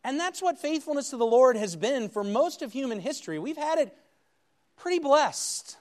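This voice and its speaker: A man preaching a sermon, reading scripture aloud with slow dramatic emphasis and rising to loud, emphatic peaks. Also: very high voice, lively intonation.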